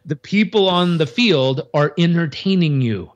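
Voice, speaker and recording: Lively man explaining, dull lo-fi sound. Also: a little high, a little slow. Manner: animated, uses acted-out crowd reactions and frequent restarts. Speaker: interview guest. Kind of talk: casual interview talk.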